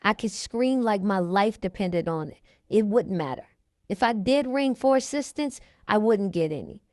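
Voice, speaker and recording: A woman's voice: medium pitch, normal speed, no echo, studio quality. Woman reading a memoir aloud. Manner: steady first-person reading. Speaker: reader.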